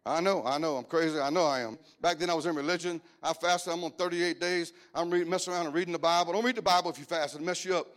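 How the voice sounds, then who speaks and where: A middle-aged male preacher delivers his sermon in a loose, lively way, slipping in jokes and stories as he goes. His voice sits notably high for a man. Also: quick pace, few pauses. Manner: lively, joking storytelling preacher style.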